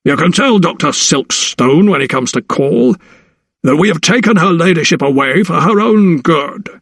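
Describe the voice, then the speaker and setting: A man's voice: on the high side, expressive, normal speed, gravelly, a bit bright, no echo, pitched above the performer's own voice, full character voice. A cold, domineering older lawyer, as a male narrator plays him, speaking with haughty condescension. The reading is dry and close.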